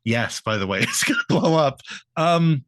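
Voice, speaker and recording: A man recaps a cartoon episode with a lively, bouncing pitch, laughing and swearing as he rambles. His voice is dry and close to the mic. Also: normal speed, dry recording. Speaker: podcast co-host.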